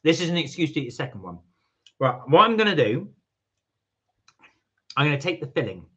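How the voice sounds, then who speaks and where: On a live stream, a man tastes snacks while chatting and rambling, reading viewer comments aloud. His voice is on the high side and sharp, with big pitch swings and a brisk pace, and the recording has its highs cut off.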